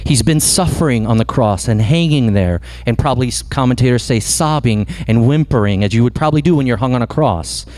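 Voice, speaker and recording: A man preaching a sermon as pastor, impassioned and dropping low for emphasis. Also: fairly quick, hardly any pauses, darkish tone.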